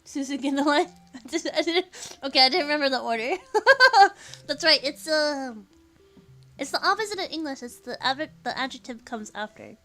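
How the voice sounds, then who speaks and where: Giggly high-voiced Californian woman. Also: animated, normal speed, a bit bright, soft background music. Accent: Californian American. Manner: giggly, chatty, says "like" often. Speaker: streamer. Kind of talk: casual live-stream chat, reading chat aloud.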